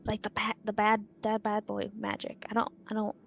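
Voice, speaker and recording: A woman's voice: medium pitch, monotone, normal speed, creaky, soft background music. A woman playing a tabletop game, talking casually and hesitantly with many restarts. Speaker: player. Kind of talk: casual chat, playing a character.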